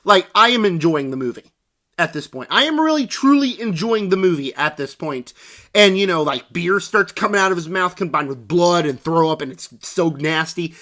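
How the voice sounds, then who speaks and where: A young man with a high, bright voice rants through a spoiler movie review. He is animated and sarcastic and keeps jumping into mocking voices for the characters. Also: normal speed.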